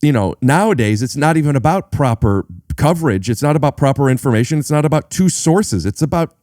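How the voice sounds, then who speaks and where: A man hosting a podcast in casual chat, musing in an animated way and often restarting his sentences. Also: a little high, a little fast, no room sound, studio quality. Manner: animated, musing, self-interrupting. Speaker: podcast host. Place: indoor home setting.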